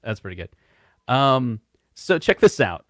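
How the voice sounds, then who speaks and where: A man's voice: mid-range voice, big pitch swings, unhurried, no echo, clean studio sound. A man co-hosting a casual livestream, reading out viewer messages in an easygoing way. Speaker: co-host.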